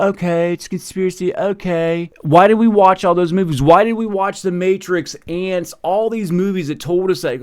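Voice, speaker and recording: A man's voice: on the high side, darkish tone, dry recording, studio quality. A man in his forties ranting in casual commentary, heated and swearing, with many restarts and repeated words. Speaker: commentator reacting to a video. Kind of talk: casual rant.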